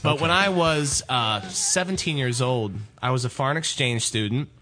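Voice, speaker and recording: A podcast co-host telling a rambling, animated anecdote and laughing through it in casual chat. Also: male voice, mid-range voice, normal speed, faint music behind. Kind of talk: casual storytelling.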